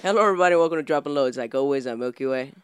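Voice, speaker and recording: A man's voice: mid-range voice, racing, music in the background. A man co-hosting a casual podcast, bantering loosely and laughing often. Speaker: podcast co-host. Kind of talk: casual chat.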